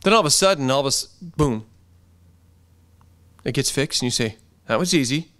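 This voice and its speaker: Male pastor, mid-pitched voice, conversational sermon delivery, earnest and repetitive, church setting. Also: expressive, normal speed, fairly bright tone. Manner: earnest, conversational preaching with repeated phrases.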